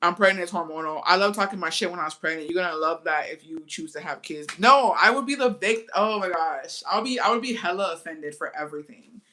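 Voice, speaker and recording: A woman's voice: fairly low pitch, a little fast, few pauses. A woman, chatting to her viewers in a blunt, profane way, slipping Spanish into her English and telling stories with theatrical asides. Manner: animated storytelling with theatrical asides. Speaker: vlogger. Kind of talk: casual chat to viewers.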